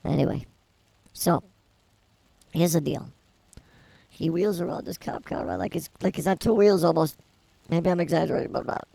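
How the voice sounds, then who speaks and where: A woman on a casual comedy podcast tells a rambling story, wry and deadpan. Her voice sits low, with a gravelly edge and a husky grain. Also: normal speed, pauses often, no room sound, poor audio. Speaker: podcast co-host.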